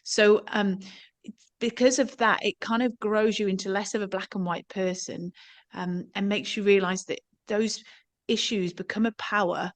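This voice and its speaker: A woman's voice: medium pitch, fairly even intonation, moderate pace. Australian woman hosting, fond of tag questions. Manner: explains at length, ends points with tag questions. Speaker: podcast host. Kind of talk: casual podcast conversation.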